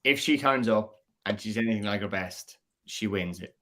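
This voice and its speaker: Bright-voiced male jockey, interjecting. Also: fairly low pitch, normal speed. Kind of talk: casual panel chat.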